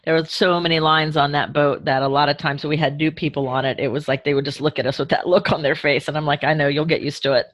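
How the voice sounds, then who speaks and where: A man's voice: fairly high pitch, little pitch movement, fast talker, hardly any pauses, fairly bright tone, no echo. A man in casual chat, supportive and reflective. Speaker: co-host, sailing crew.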